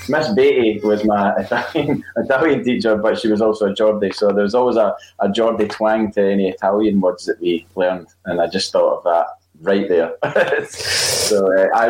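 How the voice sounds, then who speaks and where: Man, deep-ish voice, jokey and halting, football podcast, echoey room, faint noise. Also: darkish tone. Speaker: podcast co-host. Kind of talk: casual football chat. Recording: roomy echo, faint noise.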